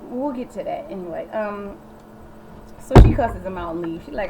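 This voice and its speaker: A woman vlogger giving a sassy, animated recap of a TV episode and talking straight to the viewer. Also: mid-range voice, moderate pace, heavy background noise. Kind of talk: casual chatty recap.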